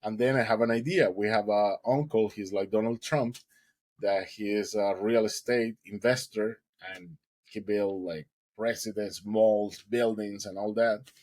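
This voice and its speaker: A man's voice: fairly low pitch, steady tone, a little slow, darkish tone, no room sound. A man telling his own story as a guest, earnestly, in English with non-native grammar and acted-out voices. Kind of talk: personal storytelling in an interview.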